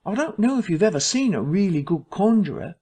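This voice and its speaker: A man's voice: sits high, very animated, brisk, mellow, slightly rough, voice pushed up, exaggerated voice. Guy reading an evasive vicar, hesitant and fussy.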